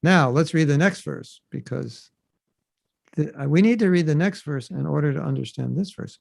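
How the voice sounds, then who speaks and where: A man hosting a podcast, teaching scripture in a casual, animated way and acting out quoted voices. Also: on the high side, moderate pace, creaky, dry recording.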